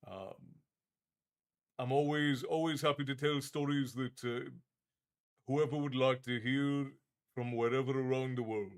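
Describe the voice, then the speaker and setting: A man's voice: mid-range voice, steady tone, a little slow, long pauses. A man hosting a livestream in a tavern-keeper persona, chatting casually and reading out viewer comments in a friendly, easygoing way with frequent restarts.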